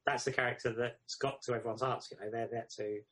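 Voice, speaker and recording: A man co-hosting a podcast in casual film chat, agreeable and quick to back up his partner. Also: mid-range voice, fairly even intonation, a bit bright, rough recording. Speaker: podcast co-host.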